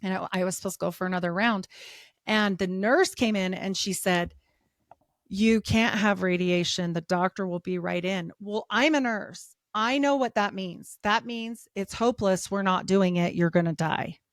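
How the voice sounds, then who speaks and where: A woman in her forties talking as a podcast guest, with a mid-range voice for a woman. She tells her story with lots of laughter and a steady stream of "like". The recording is close and dry, with no room sound. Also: mid-range voice, moderate pace, no room sound. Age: 40s. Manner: animated, laughs often, many "like" fillers. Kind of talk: casual storytelling.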